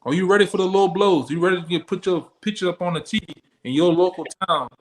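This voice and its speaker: Male street preacher, slightly high voice, blunt and slangy, challenging. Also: fast talker. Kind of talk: street-style sermon.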